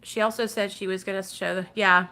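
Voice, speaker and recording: A woman's voice: mid-range voice, fairly even intonation, a little fast, sharp tone. A woman vlogger talking casually and animatedly to her viewers, swearing freely and addressing them directly. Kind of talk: casual livestream commentary.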